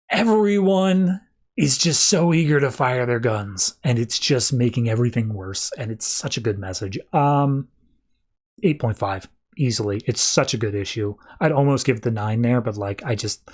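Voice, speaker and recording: A man hosting a podcast, recapping a comic book casually and rambling with many "like"s while he acts out quotes in quick voices. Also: medium pitch. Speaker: podcast host.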